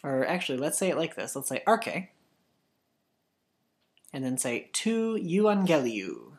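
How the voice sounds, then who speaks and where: A woman leads a children's language lesson in a low voice. She talks slowly and patiently, stretching out words so young pupils can repeat them. Her pitch swings widely as she goes. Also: big pitch swings, darkish tone. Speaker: teacher.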